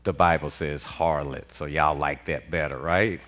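A man preaching a sermon as pastor, in animated call-and-response style with constant "Amen" and casual vernacular with "y'all". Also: extremely low pitch, unhurried. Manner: Southern US Black vernacular speech, "y'all".

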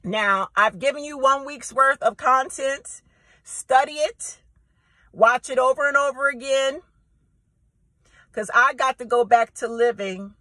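A woman's voice: sits high, a little slow, sharp tone, no room sound, low-quality recording. A woman content creator ranting straight to her viewers in a brash, profane, emphatic way, often repeating herself. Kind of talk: direct-to-camera vlog rant.

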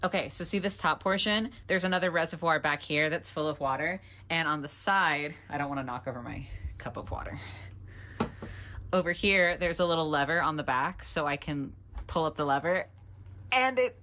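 A young woman talking casually and excitedly in a haul video, gushing and chatty. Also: on the low side, fairly quick. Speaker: doll collector vlogger.

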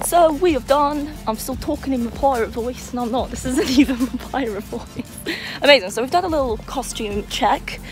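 A young woman, vlogging casually and chattily from an outdoor festival as a children's entertainer. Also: on the high side. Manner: bubbly and chatty. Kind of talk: casual vlog. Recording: music playing in the background.

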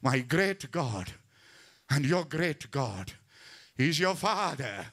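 A man preaching a sermon with fervent passion, rising to shouts and dropping to hushed, low lines, often reciting scripture references. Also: sing-song, slow, slightly rough. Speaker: pastor.

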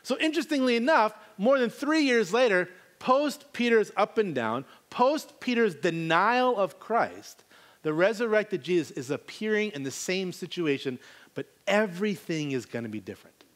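A man's voice: high-pitched, lively intonation, normal speed, fairly bright tone. Casual-talking male preacher. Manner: conversational, retells scripture in casual modern paraphrase. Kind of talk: sermon reading scripture and teaching.

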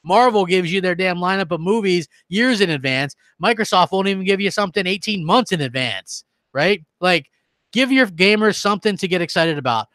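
A man's voice: high voice, animated, brisk, fairly bright tone, no room sound. A man hosting a gaming stream who rants heatedly and reads out viewer comments. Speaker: gaming channel host. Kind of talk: live-stream rant.

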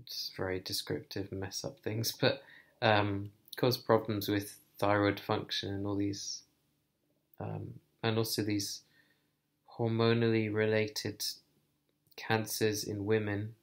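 A man talking to camera in a personal vlog, thoughtful and hesitant, thinking aloud with many pauses. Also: fairly low pitch, level tone, gravelly. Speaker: vlogger.

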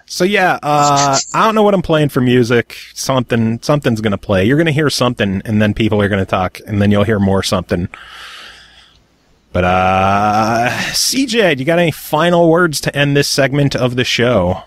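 A man's voice: medium pitch, moderate pace, no echo. A man hosting a casual gaming podcast, joking and swearing freely as he talks. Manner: joking, profane, animated. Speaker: podcast host. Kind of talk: casual chat.

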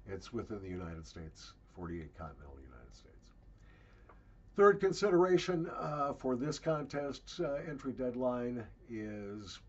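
A man's voice: on the low side, a little mellow, muffled recording, a little hiss or hum. A middle-aged man hosting his own channel from his basement, announcing a giveaway in a chatty, wry way with emphatic asides. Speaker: channel host. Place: home basement.

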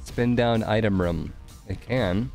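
Brief: guy, lowish voice, joking stream co-host, game music faint underneath. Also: slow, creaky, a little mellow. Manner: joking, laughs often. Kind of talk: casual gaming chat.

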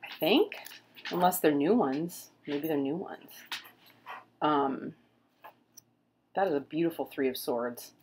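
A middle-aged woman, a tarot reader and vlogger, chats casually at home in a room with pets while flipping through a book, rambling with plenty of fillers. Her low, expressive, slightly mellow voice moves slowly with long pauses, and there's a little hiss or hum.

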